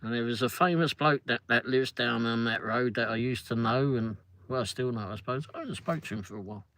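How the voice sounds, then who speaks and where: Chatty Londoner on a livestream. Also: male voice, medium pitch, a little fast, fairly bright tone, slight background noise. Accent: London English. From London, England. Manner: chatty, rambling, jokey, answers chat comments. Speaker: livestream host. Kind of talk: casual livestream chat.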